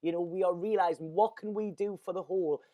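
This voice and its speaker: A woman's voice: lowish voice, fast talker, warm tone. A woman, a tarot reader talking in an earnest, rambling, emotional way and often repeating her words. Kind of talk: casual spiritual monologue.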